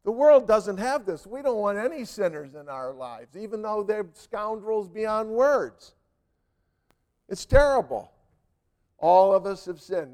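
A man's voice: sits high, lively intonation, a little slow, darkish tone. A man preaching a sermon, telling stories emphatically and with animation.

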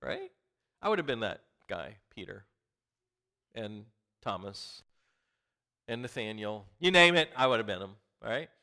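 Animated, stammering preacher man with bright tone. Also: on the low side, a little slow, pauses often. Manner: animated, playful preaching with frequent restarts and repeated words. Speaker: pastor. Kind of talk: conversational sermon.

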